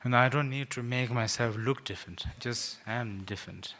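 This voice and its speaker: Man rambling through a gentle teaching talk. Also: medium pitch, normal speed, slight background noise. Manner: rambling, self-mocking, with frequent "sort of" and hesitations. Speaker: Buddhist teacher, guest speaker. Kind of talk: informal teaching talk to young people.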